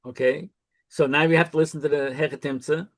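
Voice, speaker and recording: A man with a slightly raised pitch leading a Talmud study session. He explains the reasoning patiently, confirming what his partner says and summing up each point as they go. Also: fairly even intonation, fairly quick, vocal fry.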